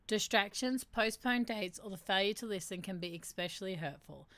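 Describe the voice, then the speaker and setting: Lively woman streamer, dry close mic. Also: medium pitch, moderate pace, no echo. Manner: animated, laughs often, swears casually. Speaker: streamer hosting a mental health segment. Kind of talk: casual livestream chat, reading aloud.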